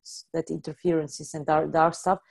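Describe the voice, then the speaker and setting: Speaking halting, non-native English, a female energy healing practitioner restarts and repeats words as she explains and practises healing statements. Her voice is low and gravelly, with little pitch movement.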